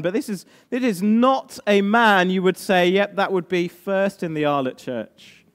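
A man preaching a sermon, moving between hushed, slow lines and rising, emphatic passages. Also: high voice.

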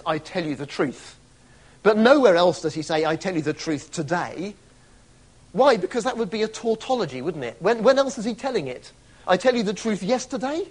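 Male preacher, fairly high voice, animated delivery, rhetorical and emphatic. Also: husky. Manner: emphatic, rhetorical questions, stretches key words. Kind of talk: sermon.

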